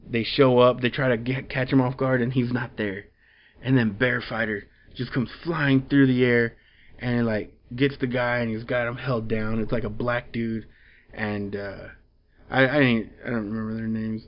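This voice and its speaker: A man's voice: mid-range voice, highs cut off. A man reviewing a comic book in casual chat, rambling through the plot with fillers and chuckles.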